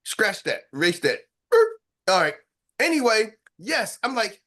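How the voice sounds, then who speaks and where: A man hosting a morning sales-training call as coach, talking in an animated, hyped and slangy way with quick asides. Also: high voice. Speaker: sales coach and show host. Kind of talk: energetic motivational team talk.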